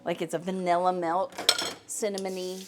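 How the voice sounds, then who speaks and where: A woman's voice: on the low side, little pitch movement, moderate pace, over loud music. A middle-aged woman from Missouri, hosting a live cooking stream in her home kitchen and chatting in a rambling way, with lots of fillers. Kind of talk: casual cooking chat.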